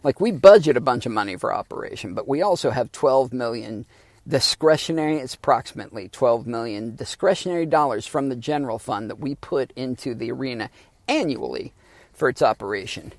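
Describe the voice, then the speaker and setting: A man rambles sardonically through a solo podcast and swears freely. His voice is gravelly and mid-pitched, and it is recorded dry and close on a phone in the back seat of a car. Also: lively intonation, brisk, dry recording. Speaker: podcast host. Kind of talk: casual solo podcast rant.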